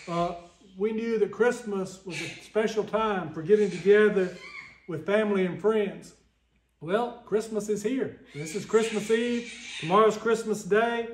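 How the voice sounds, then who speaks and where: A man's voice: high-pitched, reverberant. A man with a Southern American accent preaching a Sunday sermon, earnest and folksy, reading scripture aloud.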